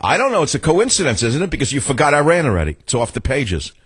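A man's voice: mid-range voice, big pitch swings, fast talker, breathy edge, no room sound. Sarcastic older male talk radio host. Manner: sarcastic, combative, rambling. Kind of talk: political talk radio monologue.

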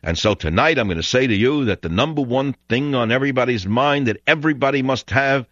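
A man's voice: mid-range voice, brisk, a bit bright, no room sound, dull audio, lightly acted. A man putting on a grandiose, mocking voice as a male president giving a speech.

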